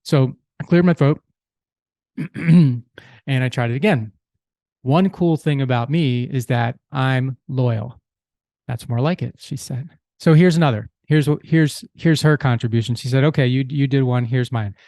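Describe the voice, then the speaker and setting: A man's voice: medium pitch, normal speed, dark tone, dry recording. A middle-aged man hosting a podcast, telling a personal story in a casual, easygoing way with restarts and fillers. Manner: easygoing, with restarts and "you know". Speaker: podcast host.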